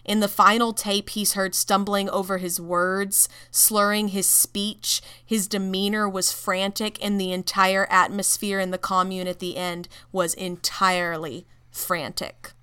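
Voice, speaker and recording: A woman podcast host narrating a story in a measured, casual way. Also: medium pitch, level tone, sharp tone, smooth.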